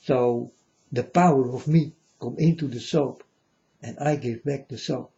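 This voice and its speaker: A man talks in a slow, rambling monologue full of profanity, his English marked by non-native grammar. His voice is very dark and heavy with fry. The recording sounds dull and lo-fi. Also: medium pitch. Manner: rambling, profane, with frequent "you know". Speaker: self-styled spiritual speaker. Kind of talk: casual spoken monologue.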